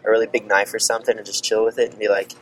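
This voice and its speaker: A man's voice: fairly low pitch, little pitch movement, fairly bright tone, slight background noise, rough recording. A young man, a college student camping out, telling jokey stories. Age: young adult. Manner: fast joking storyteller.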